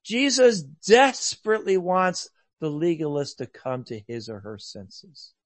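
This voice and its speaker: A man preaching a sermon earnestly, rising to loud emphasis and dropping to hushed, soft lines. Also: a little high, lively intonation, unhurried, dry recording.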